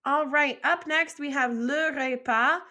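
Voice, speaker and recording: A young adult woman teaching French vocabulary in a patient, encouraging lesson, modeling pronunciation slowly and asking learners to repeat. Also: sits high, pushed and bright. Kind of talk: slow, deliberate vocabulary lesson with repeat-after-me drills.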